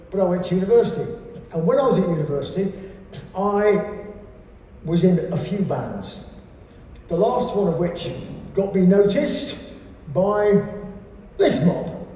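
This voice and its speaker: English man in his 60s, sweary stage storyteller, animated and high, distant in a hall. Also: moderate pace, long pauses. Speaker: keynote speaker. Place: large live venue. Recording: echoey hall from far off.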